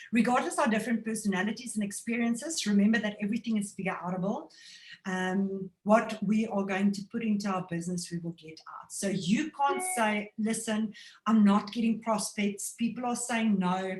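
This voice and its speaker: Woman trainer, mid pitch, animated coaching delivery, roomy echo. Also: slight background noise. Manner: animated, acts out phone calls in quick voices. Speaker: network marketing trainer. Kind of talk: motivational training talk.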